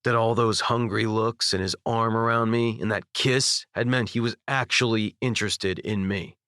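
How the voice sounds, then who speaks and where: A young man narrating a first-person audiobook with intimate, expressive storytelling. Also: fairly low pitch, moderate pace, no room sound, studio quality. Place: dry recording booth. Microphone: studio microphone.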